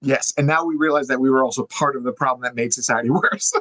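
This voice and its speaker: Young male podcast co-host at a middle pitch, chatty and filler-heavy, on a close, dry mic. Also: quick pace, no echo, low-quality recording. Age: young adult. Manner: chatty, lots of fillers, animated explaining. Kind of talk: casual podcast chat.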